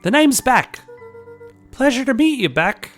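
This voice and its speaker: A woman voicing a bold, breezy young girl in a high-pitched voice while playing a story game. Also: very animated, measured pace, soft background music. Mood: confident.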